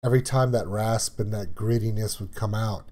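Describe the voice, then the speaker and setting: A man's voice: lowish voice, steady tone, normal speed, darkish tone. A man from South Louisiana hosting a music reaction video, talking in a reflective, emotional way that stops and restarts with fillers. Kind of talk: casual reaction commentary.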